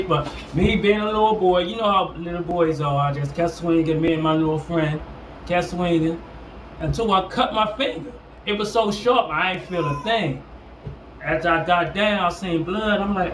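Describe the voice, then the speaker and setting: A man's voice: high voice, normal speed. Laid-back man in an echoey room. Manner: laid-back, backs the other speaker with frequent "right, right". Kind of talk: casual storytelling chat. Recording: echoey room with noticeable background hiss.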